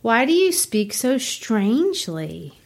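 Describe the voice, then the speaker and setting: A woman's voice: fairly high pitch, big pitch swings, takes it slowly, gravelly, exaggerated voice. A woman reading the part of a fearful, timid young woman, pleading anxiously in a classroom play reading. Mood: uneasy. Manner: pleading, anxious read-aloud.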